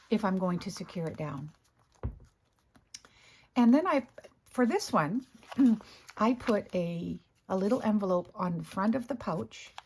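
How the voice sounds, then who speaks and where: A woman with a hoarse morning voice, chatting casually as she shows her craft work, often clearing her throat and correcting herself. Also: mid-range voice, slight background noise. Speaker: craft video host. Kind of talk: casual crafting show-and-tell.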